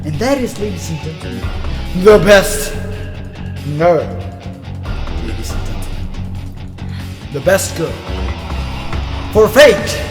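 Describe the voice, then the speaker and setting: High-voiced man hyping mock anime awards. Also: very animated, slow pace, long pauses. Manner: hyped, theatrical, with sudden shouts and mutters. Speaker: anime reviewer. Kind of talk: mock award-show announcing. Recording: long reverb with music underneath.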